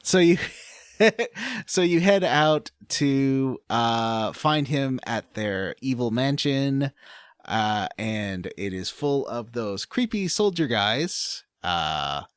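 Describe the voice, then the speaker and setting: A man's voice: medium pitch, sing-song, slow pace, clear, resonant tone, no room sound, clean studio sound. A man co-hosting a casual gaming podcast, loosely retelling the plot and chuckling often. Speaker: podcast co-host. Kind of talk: casual chat recapping a video game.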